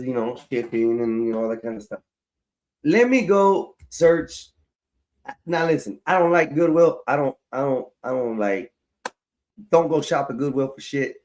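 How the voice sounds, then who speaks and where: A man chatting casually to viewers on a live stream, loose and profane, rambling and talking to his audience as y'all. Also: mid-range voice. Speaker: livestreamer. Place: at home, fixing his hair on camera.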